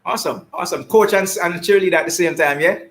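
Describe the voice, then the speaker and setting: Heard over a video call, this high-pitched, fast-talking man with a Jamaican accent hosts an online talk show. His delivery is animated, and he keeps repeating greetings and shout-outs.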